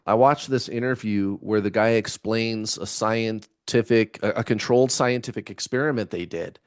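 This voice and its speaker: A man's voice: medium pitch, no room sound, clean studio sound. A middle-aged man chatting casually to camera in a rambling, laid-back way, with the odd swear word. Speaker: spiritual vlogger.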